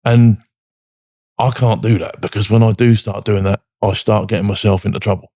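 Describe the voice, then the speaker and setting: A man's voice: fairly low pitch, fairly even intonation, normal speed, dark tone, dry recording, clean studio sound. A man over forty, a military veteran giving a candid interview, blunt and full of swearing, tagging his points with "do you know what I mean". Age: 40s or older.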